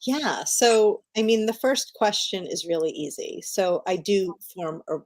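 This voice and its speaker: Speaking at an ordinary middle pitch, a middle-aged woman talks as a guest author on a video call. She tells stories with eager, animated enthusiasm in a casual interview chat. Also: measured pace.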